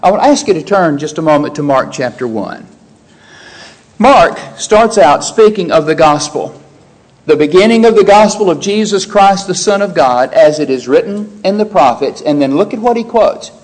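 A man with a fairly high voice preaches through a Bible passage verse by verse. He lifts his voice sharply whenever he quotes scripture, then drops back to a steady teaching tone and poses rhetorical questions to his listeners. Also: moderate pace, rough recording. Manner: emphatic, rising sharply when quoting scripture. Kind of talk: expository sermon.

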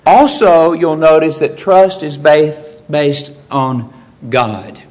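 A man preaching a sermon, acting out the words of biblical figures as he teaches from scripture. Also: rough recording. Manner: expressive preaching, voicing biblical speakers with rises in pitch. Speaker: pastor.

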